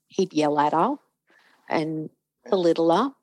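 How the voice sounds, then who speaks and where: A woman's voice: low-pitched, moderate pace, a little mellow, dry recording, poor audio. A middle-aged woman, a guest telling her own story, acting out the voices of the people in it. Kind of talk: emotional personal storytelling.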